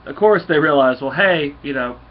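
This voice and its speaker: A man's voice: a little high, lively intonation, moderate pace, phone-quality sound. A man giving a casual comic book recap, rambling and full of fillers.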